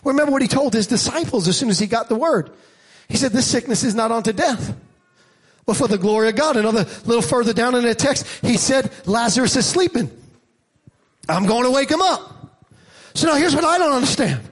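A man preaching a sermon as a church pastor, moving from quiet reflection to shouted, rising passages. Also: very high voice, animated, brisk, slightly rough.

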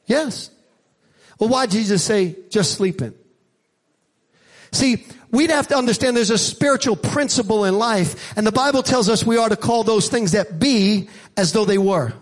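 A man's voice: sits high, normal speed. A man preaching a sermon as pastor, emphatic and calling out to the congregation.

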